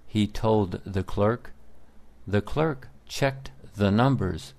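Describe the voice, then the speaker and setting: A man reading simple stories aloud for English learners, in deliberate, plain sentences. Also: lowish voice, creaky, a little mellow. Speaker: narrator. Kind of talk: slow scripted story narration for English learners.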